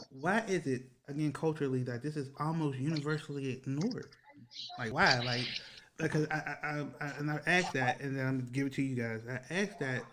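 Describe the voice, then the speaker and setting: A man's voice: fairly high pitch, a bit bright, a little hiss or hum, rough recording. A man who works as a relationship educator hosts a casual panel discussion, leaning on fillers, repeating words and asking the group questions.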